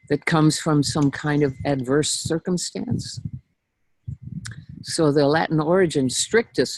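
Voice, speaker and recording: Woman meeting leader, unhurried relaxed delivery, gravelly edge, casual lecture with asides. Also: deep voice, no echo, poor audio. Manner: frequent throat clearing, chatty asides. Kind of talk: casual teaching talk.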